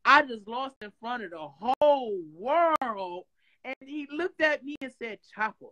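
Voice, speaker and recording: A woman from Detroit tells her story in a casual interview, with a voice pitched a little high. She talks in an animated, profane way. She acts out quotes loudly. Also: measured pace, heavy background noise. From Detroit, USA. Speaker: guest.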